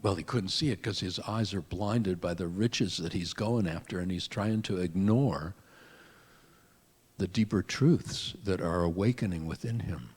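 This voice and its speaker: A man, a rabbi, giving a conversational storytelling sermon with lively asides. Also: low voice, a little slow, husky. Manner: conversational, animated retelling with asides.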